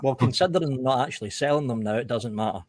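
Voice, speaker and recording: A man's voice: medium pitch, racing, background noise. A man chatting casually on a vaping show, blunt and sweary. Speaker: vape show panelist. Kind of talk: casual banter.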